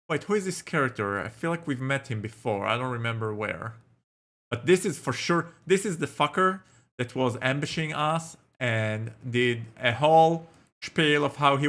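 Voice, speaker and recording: A man's voice: medium pitch, measured pace. Playful, crude man reading a game aloud. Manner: playful, crude, animated asides. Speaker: gameplay streamer. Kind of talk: reading a visual novel aloud with commentary.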